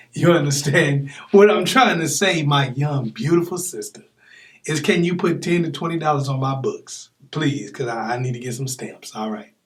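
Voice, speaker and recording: A man's voice: fairly high pitch, normal speed, natural voice. A man putting on a sweet-talking jailbird. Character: smooth-talking jailed man begging a woman for money.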